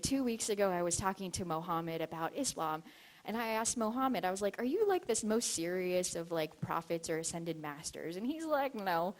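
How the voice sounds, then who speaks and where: Chatty, giggly woman telling stories. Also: mid-range voice. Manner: chatty, giggly, peppers speech with "like"; animated, acts out quoted exchanges. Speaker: expo speaker on spiritual dowsing. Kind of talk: casual storytelling talk to an audience.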